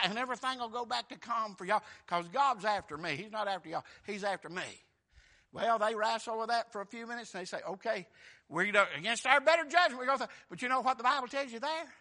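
A man's voice: high-pitched, quick pace, pushed and bright. A man preaching a sermon, telling the story in a folksy way and acting out the voices.

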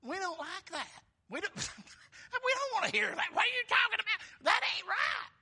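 A preacher putting on a cocky apostle. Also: male voice, extremely high pitch, lively intonation, normal speed, creaky, sharp tone, pitched above the performer's own voice, full character voice. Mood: protesting. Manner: brash, self-important, whiny protest. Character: boastful, cocky male apostle, adult.

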